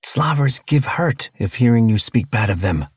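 A man's voice: medium pitch, lively intonation, normal speed, husky, no room sound, studio quality, pitched above the performer's own voice. A man voicing a large, earnest blue alien cellmate who talks in broken, simple grammar.

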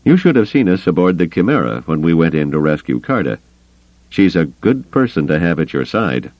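A man voicing an earnest young male Jedi, calm and quietly confident, in an audiobook. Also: sits low, brisk, no echo, highs cut off. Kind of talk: audiobook character voice.

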